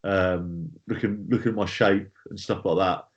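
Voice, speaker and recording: A man's voice: sits low, steady tone, normal speed. A man, a guest talking casually about his sport in a plain-spoken, rambling way with fillers and the odd swear word. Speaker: guest bodybuilder. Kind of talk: casual podcast chat. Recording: slightly dull lo-fi audio.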